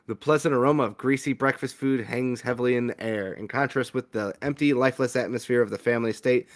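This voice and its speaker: A man playing a visual novel and reading its narration aloud, playful and expressive. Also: mid-range voice, fast talker, few pauses. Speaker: gaming streamer.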